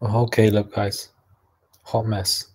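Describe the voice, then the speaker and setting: A man's voice: fairly low pitch, completely flat delivery, unhurried, a little mellow, slight background noise. A young man from Canada hosting a casual livestream, reading chat messages aloud and mocking people in a chatty way.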